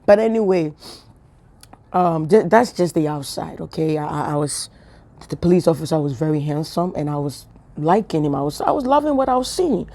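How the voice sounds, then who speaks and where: A woman's voice: fairly low pitch, warm tone. A woman giving a casual spiritual talk to camera, telling chatty stories with laughs and whispered asides. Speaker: spiritual vlogger.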